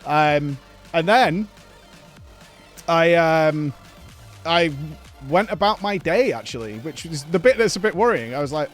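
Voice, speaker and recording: A man's voice: on the high side, animated, unhurried, pauses often, faint music behind. A man in casual chat, rambling through a story with frequent swearing and nervous laughs. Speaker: show host.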